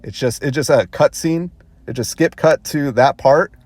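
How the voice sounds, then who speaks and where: A man's voice: mid-range voice, moderate pace, darkish tone, no echo. A man vlogger telling a rambling story casually, with self-conscious laughs.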